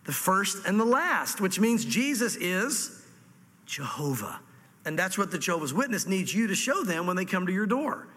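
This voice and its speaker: A high, bright male voice preaching a sermon with long hall reverb. He is animated and reads scripture dramatically, sometimes dropping to a hushed aside. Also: normal speed. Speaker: pastor. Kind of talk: expository sermon.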